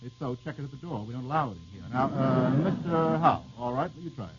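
A quizmaster with an animated, medium-pitched voice runs an old-time radio quiz show, trading wry banter with the panel and reading listeners' questions. The recording is very noisy, dull, and lo-fi, like an old radio broadcast.

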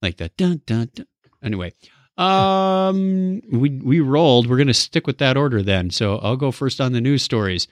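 A man's voice: medium pitch, lively intonation, normal speed, dry recording, clean studio sound. A man hosting a podcast in casual banter, chatty and jokey, with plenty of asides. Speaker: podcast host.

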